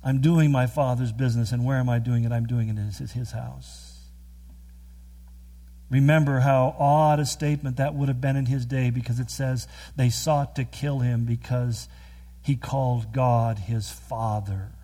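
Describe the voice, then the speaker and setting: A man preaching a sermon, earnest and emphatic, with quick storytelling asides. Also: medium pitch, steady tone, warm tone. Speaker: pastor.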